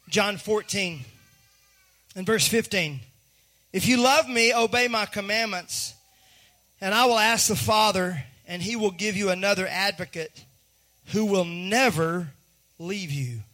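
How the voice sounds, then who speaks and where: Lively, bright-voiced man preaching. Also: high-pitched, measured pace. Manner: animated, swings from hushed to shouting, acts out voices. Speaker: pastor. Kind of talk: sermon.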